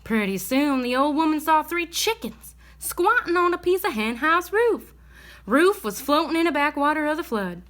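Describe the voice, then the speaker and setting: Bright, lively woman reading a bedtime story. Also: sits high, normal speed. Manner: gentle, expressive read-aloud.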